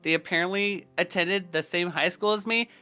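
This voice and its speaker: Young guy on a podcast, bright smooth voice, swears a lot, animated storytelling. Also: normal speed, soft background music. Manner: animated, swearing, acts out quoted people in a higher voice. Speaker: podcast co-host. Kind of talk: casual storytelling chat.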